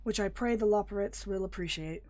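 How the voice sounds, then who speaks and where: A sick woman reading the lines of a solemn male scholar mage, slow and formal. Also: medium pitch, darkish tone, lightly acted.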